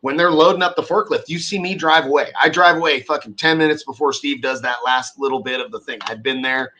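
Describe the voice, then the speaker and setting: A man's voice: mid-range voice, fairly quick, sharp tone, slight background noise. A man in his forties telling a long workshop story in casual, profane chat, acting out the people he quotes.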